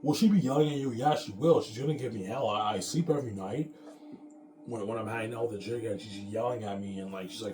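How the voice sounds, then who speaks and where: A man's voice: lowish voice, fast talker, noisy background. Boastful man rambling in an echoey room. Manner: boastful and profane, repeats himself. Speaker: vlogger. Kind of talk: rambling casual monologue. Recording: echoey room with music playing. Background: music.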